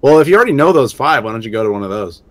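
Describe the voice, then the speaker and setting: A man's voice: medium pitch, very fast. A man chatting casually on a stream, telling rambling stories with many fillers. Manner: relaxed, rambling storyteller with frequent fillers. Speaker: show regular. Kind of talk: casual chat during a game stream.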